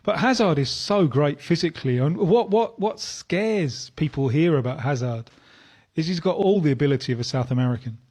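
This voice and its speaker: A man speaking as a football pundit on a radio panel, halting and repeating words as he builds his point. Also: on the high side, expressive, a little mellow.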